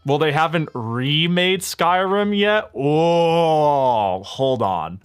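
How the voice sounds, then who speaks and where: A male streamer in casual stream chat, ranting in a profane, animated way and laughing often. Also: on the high side, very slow, clear, resonant tone, soft background music.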